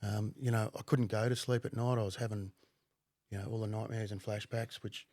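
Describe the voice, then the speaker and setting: A middle-aged man, a podcast guest telling his story bluntly, with plenty of swearing and halting fillers. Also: on the low side, level tone, darkish tone, no room sound, studio quality. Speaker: podcast guest, former undercover cop. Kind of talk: casual conversational storytelling.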